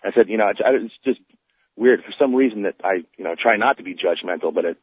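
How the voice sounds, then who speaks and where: A man from Long Island calling a radio show, speaking in a hesitant, halting way with lots of fillers. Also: on the low side, slightly rough, dry recording. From Long Island, New York. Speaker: caller. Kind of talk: phone call to a radio show. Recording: tinny phone line.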